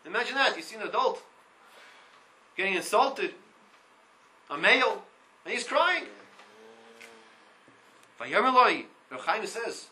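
Male Torah teacher, high and forceful, reads Hebrew lines and translates each one, lively, repeats himself, faint background hiss. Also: unhurried, long pauses, poor audio. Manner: animated, repeats words. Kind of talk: Torah class.

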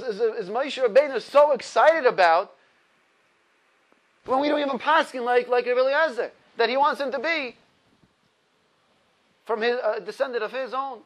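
High-voiced man teaching Torah. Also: rough recording. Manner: storytelling with rising emphasis; laughs at his own stories. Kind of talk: explaining a religious text to a class.

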